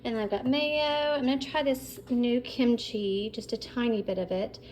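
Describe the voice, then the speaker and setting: A woman talks through her meals in a casual, meandering way, full of fillers and little asides. Her voice sits a touch high, with a faint hum of room ambience behind her in the kitchen. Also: steady tone, moderate pace, darkish tone, poor audio. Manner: chatty, rambling with many fillers. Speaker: food vlogger. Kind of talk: casual chat.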